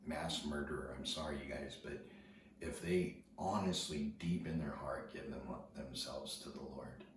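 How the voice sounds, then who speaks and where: A man telling a personal story to his viewers in an earnest, casual way, often dropping to a hushed near-whisper and repeating words as he goes. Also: rumbling low. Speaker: video host. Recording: very echoey, distant from the mic, noisy ambience.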